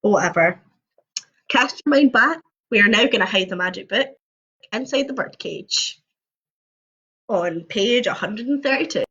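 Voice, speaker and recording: Bright chatty woman reading aloud. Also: medium pitch, animated, normal speed, pauses often, husky. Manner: chatty, jokey asides between passages. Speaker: storybook reader on a livestream. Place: home. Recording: dull lo-fi livestream audio.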